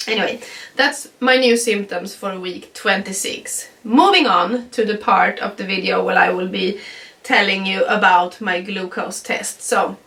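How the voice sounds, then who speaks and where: A young woman from Sweden talks through her pregnancy update in a casual vlog, her English carrying a Swedish first language. A stuffy cold gives her voice a nasal tone, and she fills pauses with ums and small laughs. She sits a little back from the mic, so her voice sounds slightly distant. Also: mid-range voice, steady tone, a bit bright. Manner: chatty, frequent ums, laughs between sentences. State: stuffy nose. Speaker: vlogger.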